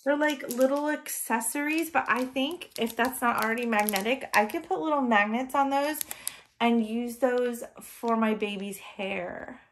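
A woman's voice: fairly high pitch, measured pace, a little hiss or hum. A woman hosting an unboxing vlog, gushing with gasps and effusive thanks, teary-eyed and emotional. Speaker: reborn doll artist and channel host.

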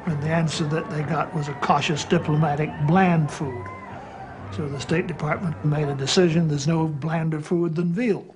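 Higher-voiced man telling anecdotes. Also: fairly even intonation, normal speed, music in the background. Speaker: interviewee. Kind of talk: recounting anecdotes in an interview.

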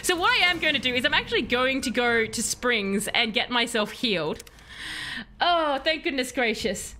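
A woman's voice: fairly high pitch, animated, normal speed, bright, forceful tone, a little hiss or hum. A woman with an Australian accent that at times turns British, chatting casually with viewers and giggling while playing a game on stream. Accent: Australian, at times British-tinged.

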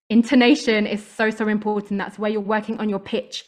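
A woman's voice: medium pitch, fairly even intonation, moderate pace, few pauses. A woman, working as a voice coach, giving an upbeat motivational talk to a live audience and stressing key words by repeating them.

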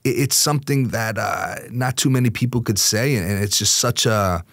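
A man's voice: mid-range voice, normal speed, fairly bright tone, no room sound, studio quality. A man hosting a podcast who chats animatedly, often repeating words and restarting his sentences. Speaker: podcast host. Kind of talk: casual interview chat.

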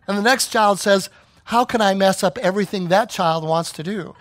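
A man's voice: high voice, normal speed, no echo. A middle-aged man preaching a sermon as pastor, telling stories and acting out the voices he quotes. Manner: animated storyteller who acts out quoted voices.

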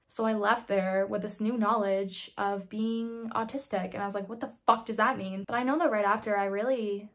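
A woman's voice: mid-range voice, steady tone, fairly quick, creaky, hardly any pauses. Candid young woman telling a story. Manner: candid, swears freely, acts out quoted voices. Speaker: vlogger. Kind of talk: casual storytelling.

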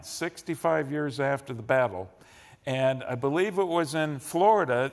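Interviewer introducing his guest in a hall. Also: medium pitch. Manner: measured, introducing and prompting the guest. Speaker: oral history interviewer. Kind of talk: public interview. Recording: long reverb of a hall.

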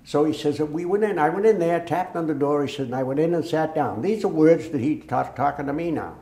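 An older veteran from Massachusetts talks fairly quickly in a slightly high voice, recounting war stories for an oral history. He's an animated teller who acts out the quotes, recorded in a room with echo.

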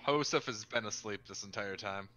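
A man's voice: fairly low pitch, normal speed, sharp tone. A man with a Wisconsin accent making dry, wisecracking remarks during a game stream. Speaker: stream co-host. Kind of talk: casual game chat.

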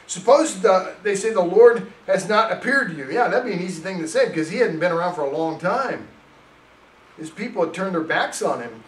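Male pastor, sermon delivery, animated storyteller, roomy church sound. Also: high-pitched, far from the mic. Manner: animated storytelling, reads scripture aloud. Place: church sanctuary.

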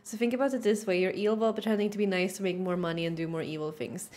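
A woman's voice: mid-range voice, racing. A woman streaming a video game, chatting casually and giggling often. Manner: giggly, animated.

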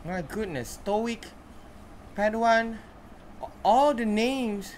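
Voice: mid-range voice, animated, slow, darkish tone, a little hiss or hum. A gamer giving casual commentary while playing, chatting to the characters and reacting aloud.

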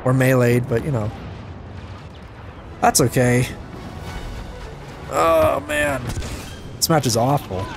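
A young man giving casual, self-mocking commentary over his gameplay, his voice jumping high when things go wrong. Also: slow, long pauses. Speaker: gaming channel host. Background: game music and gunfire.

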